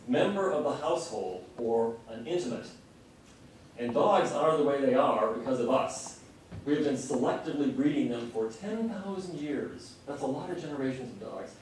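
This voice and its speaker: A middle-aged man gives an earnest public lecture, slowing down and pushing harder on the points he cares about. He is recorded from a distance, so his voice carries plenty of room echo, with a faint hiss underneath. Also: medium pitch, lively intonation, a little mellow. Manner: earnest, impassioned, varying pace. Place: lecture hall. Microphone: distant room mic. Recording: very echoey hall recording from a distance.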